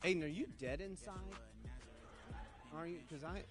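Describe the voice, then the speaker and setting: A man's voice: a little high, moderate pace, music in the background. An older man leading a youth group game, reading slang terms aloud, stumbling over them and laughing at himself. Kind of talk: playful group game in front of students.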